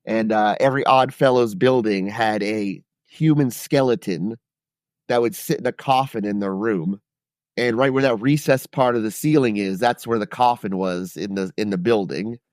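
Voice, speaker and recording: A medium-pitched male voice, recorded in studio quality with no echo, belongs to a podcast co-host. His casual storytelling is loose and meandering, peppered with plenty of swearing.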